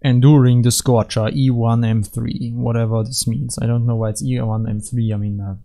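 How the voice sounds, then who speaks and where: Casting note: young male gaming commentator, rambling and joking, self-correcting, with a soft, mellow voice. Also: mid-range voice, level tone, normal speed, creaky. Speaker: gaming YouTuber. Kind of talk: casual gameplay commentary.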